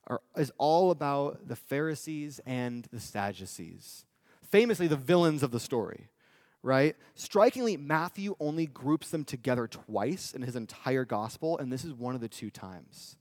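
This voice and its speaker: A male preacher giving a sermon in a conversational style, often asking the audience "right?" and slowing down for emphasis. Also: mid-range voice, big pitch swings, a little mellow, no room sound, studio quality. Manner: conversational, with tag questions and emphatic slowdowns.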